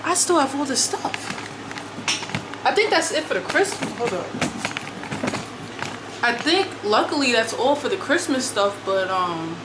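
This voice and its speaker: A woman's voice: on the high side, expressive, a little slow, long pauses, noisy background. A woman in her twenties, a vlogger chatting casually and slangily to herself while she sorts through her apartment. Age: 20s. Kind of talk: casual chat while decluttering.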